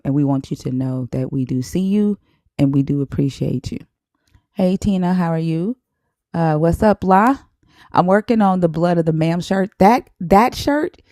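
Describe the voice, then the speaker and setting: A woman with a Southern accent hosting a live stream, chatting casually, shouting out viewers and laughing often. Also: sits low, no echo, clean studio sound.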